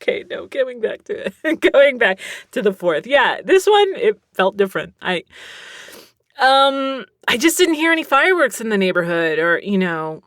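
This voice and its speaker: Chatty animated woman podcast host. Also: a little high, moderate pace, no echo, studio quality. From Texas. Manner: rambling, self-mocking, giggly asides. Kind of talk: solo podcast monologue.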